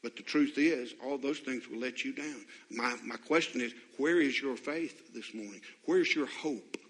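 A man's voice: medium pitch, moderate pace, fairly bright tone, slightly rough, big-room sound. A man preaching a sermon as pastor, questioning his congregation and building to impassioned appeals.

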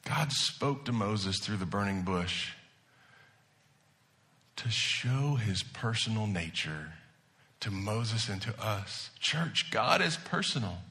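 A man preaching a sermon to his church, moving between hushed asides and emphatic declarations. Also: lowish voice, lively intonation, slow pace. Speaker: pastor.

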